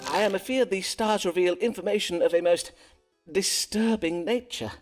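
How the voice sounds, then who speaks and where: An actor playing a proud, suspicious Elizabethan astrologer-doctor in a game, speaking in formal archaic English. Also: male voice, sits high, moderate pace, music in the background, lightly acted. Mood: accusing. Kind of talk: game voice acting.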